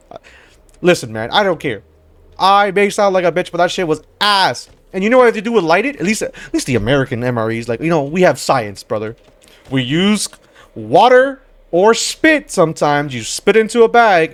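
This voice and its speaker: There's no room sound around this man's slightly high voice as he games and comments. He rambles casually, slangy and profane, skipping between stories and reactions while calling his listeners "brother."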